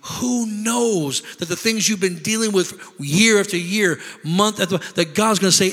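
A man preaching a sermon as pastor, moving from measured scripture reading to shouted calls for the congregation to rejoice. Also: high-pitched, a faint crowd. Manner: builds from measured teaching to shouted exhortation. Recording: long hall reverb.

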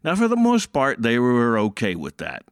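A man's voice: mid-range voice, wildly swooping pitch, moderate pace, smooth, no echo. A man telling a story in a folksy, conversational way, close to the mic.

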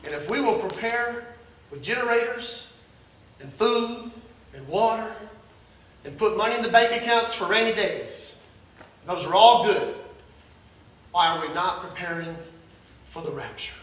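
Older pastor preaching in an echoey church. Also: male voice, high voice, animated, a little slow, long pauses, fairly bright tone, far from the mic. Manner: preaching with rising urgency, repeating key phrases. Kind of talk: sermon. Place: church sanctuary.

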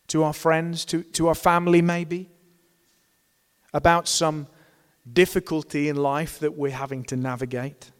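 A man's voice: a little high, long reverb tail. A man preaching a sermon, earnest, asking rhetorical questions and acting out the complaints of a crowd in raised tones.

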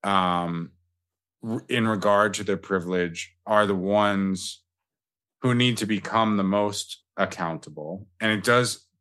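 A man's voice: fairly low pitch, slow, fairly bright tone. A man hosting a podcast, talking in a loose, reflective way with casual asides. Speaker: podcast host. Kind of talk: casual conversational interview.

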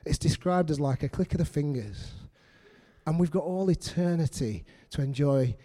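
Man preaching, high mellow voice, earnest and repetitive. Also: animated, normal speed. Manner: earnest, repetitive, asks congregation questions. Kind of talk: sermon.

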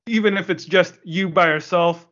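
A man's voice: high voice, normal speed, a bit bright, dull audio. A man hosting a podcast in casual chat, easygoing and earnest. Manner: easygoing, earnest, signs off the show. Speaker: podcast host.

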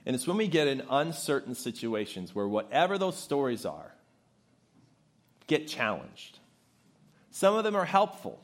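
A man preaching a sermon, shifting into animated, conversational storytelling with casual asides. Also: mid-range voice, a little slow, pauses often. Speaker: pastor.

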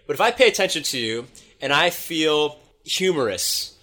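Bright, animated male podcaster; swears freely, casual storyteller. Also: fairly high pitch, moderate pace. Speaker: dating coach.

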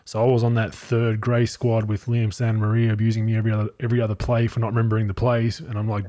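A man's voice: lowish voice, little pitch movement, fast, few pauses, mellow. A man who once played basketball, chatting casually and bluntly, swearing freely. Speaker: former basketball player, guest. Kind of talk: casual chat.

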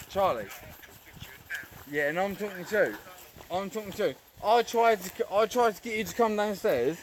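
Man, young, high-pitched, swearing, ranting on the phone, repetitive, outdoors, noisy street recording. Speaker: passer-by on the phone. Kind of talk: heated phone call in the street.

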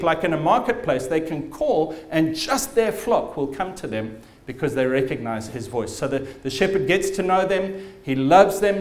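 A man's voice: sits high, reverberant. A man preaching a sermon as pastor, telling stories vividly and with emphasis.

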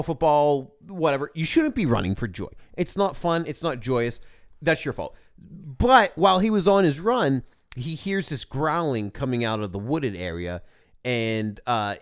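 Podcast co-host guy ranting and swearing, voice jumping up and down, kinda high. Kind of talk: casual chat.

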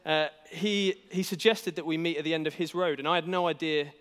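A man's voice: on the high side, fairly even intonation, a little fast, a bit bright. A young man, telling a self-deprecating story in a casual church talk, with many fillers and restarts. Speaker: youth worker giving a church talk. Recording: hall reverb.

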